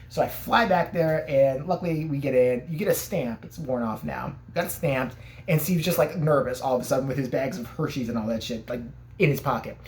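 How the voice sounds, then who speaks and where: Sarcastic, profane rant in an animated voice. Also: mid-range voice, brisk, slight background noise. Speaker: vlogger. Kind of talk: casual ranting storytelling.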